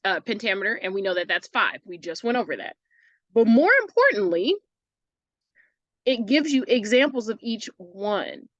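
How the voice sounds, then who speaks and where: A woman teaching an online English lesson in a casual, chatty way, often checking in with "right?" and sounding out words slowly to show where the stress falls. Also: mid-range voice, a bit bright, no room sound, highs cut off. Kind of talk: recorded lesson walkthrough.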